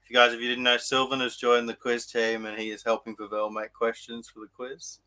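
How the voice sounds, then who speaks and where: Man, bright tone, upbeat, podcast host, explaining quiz rules. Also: medium pitch, completely flat delivery, fairly quick, low-quality recording.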